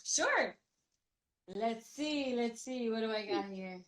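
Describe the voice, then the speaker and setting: A woman's voice: on the high side, animated, a bit bright, poor audio. Upbeat chatty woman with a morning voice. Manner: upbeat, chatty, quick to laugh. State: groggy morning voice. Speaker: rapper guest. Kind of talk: casual video-call interview.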